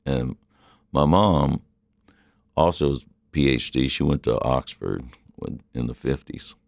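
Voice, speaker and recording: A man's voice: a bass voice, measured pace, creaky, no echo, studio quality. A middle-aged man with a mixed, hard-to-place accent, a musician chatting in an interview in a rambling, laid-back way. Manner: rambling, laid-back, lots of "you know". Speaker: musician guest. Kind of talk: casual interview chat.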